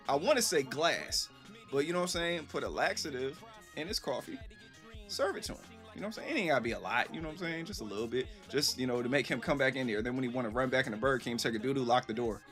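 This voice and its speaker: A man telling a story casually to his live stream chat, animated and rambling, acting out the voices he quotes. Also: medium pitch, quick pace, faint music behind.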